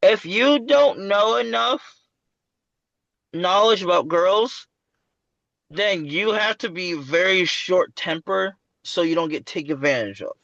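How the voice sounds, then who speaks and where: A man with a slightly high voice gives blunt dating advice, pressing his points and tripping over restarts. The recording is dull and lo-fi, dry and close. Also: animated, takes it slowly, creaky, a bit bright, no echo. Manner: emphatic, stumbling, addresses guest directly. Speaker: dating coach. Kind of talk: casual coaching chat.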